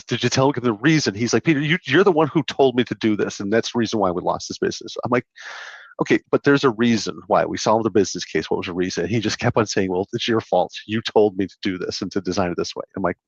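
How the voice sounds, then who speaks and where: Rambling man with a low voice. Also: fast talker, breathy edge, no room sound, highs cut off. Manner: rambling, repeats words, acts out dialogue. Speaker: podcast co-host, sales manager. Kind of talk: casual podcast chat, telling stories.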